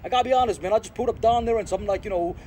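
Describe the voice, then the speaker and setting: A man from Sri Lanka rambles through a casual outdoor vlog, loose and slang-heavy, with plenty of fillers. His voice sits somewhat high but sounds mellow and soft-edged. Faint street traffic hums behind him. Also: very fast. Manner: slangy, rambling, repeats "hey, dog" and "I gotta be honest". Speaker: vlogger. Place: outdoors in an urban spot.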